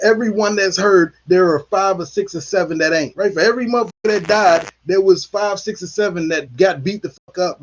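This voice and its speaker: A man delivering an angry, blunt commentary monologue full of profanity and repetition. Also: high voice. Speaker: political commentary host. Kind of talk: heated monologue. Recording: dull lo-fi recording.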